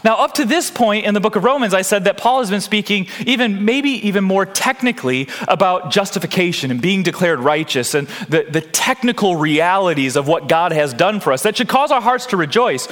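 A man's voice: high voice, lively intonation, brisk, hardly any pauses, a bit bright. A man preaching a sermon as a pastor, earnest, putting questions to his congregation.

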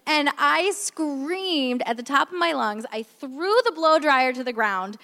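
A woman's voice: high voice, unhurried, sharp tone. A woman giving a candid, self-deprecating personal testimony about her marriage at a church gathering, with many fillers. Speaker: speaker sharing a marriage testimony. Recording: long reverb in a large hall.

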